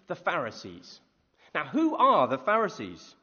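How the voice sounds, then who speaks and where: A man preaching a conversational sermon, animated, often asking his listeners questions. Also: fairly high pitch, measured pace, breathy edge. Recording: echoey hall, dull lo-fi sound.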